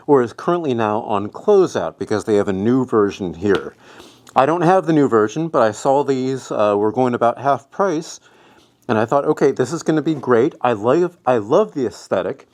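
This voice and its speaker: A man's voice: medium pitch, a little mellow. A man casually reviewing a helmet he is wearing, loose and rambling, chewing gum with his face squeezed. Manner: rambling, loose and chatty with fillers. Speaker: product reviewer. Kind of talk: casual product review vlog. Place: indoors, cold day with rain outside.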